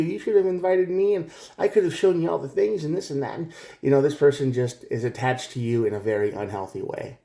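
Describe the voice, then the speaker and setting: A man's voice: medium pitch, warm tone. A man giving a casual tarot reading straight to the viewer, rambling, repeating his words and chuckling often. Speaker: tarot reader.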